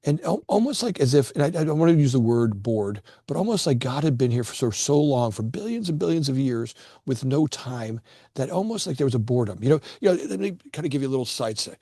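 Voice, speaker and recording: A middle-aged Florida man who founded a construction company appears as a guest, telling personal stories in casual conversation. His mid-range voice is dark, fast and lively in intonation, often repeating words as a thought begins, with clean studio sound and no room tone.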